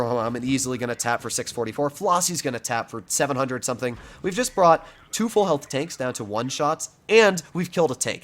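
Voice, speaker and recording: Young male gaming commentator, lively swinging pitch, emphatic and argumentative. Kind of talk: gameplay commentary.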